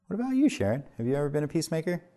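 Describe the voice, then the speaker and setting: A man serving as a pastor, talking with a group in a relaxed way and telling stories from his own life. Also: a little high. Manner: conversational, with restarts and fillers and a quick laugh. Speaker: pastor leading a group discussion. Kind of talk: casual group talk and storytelling.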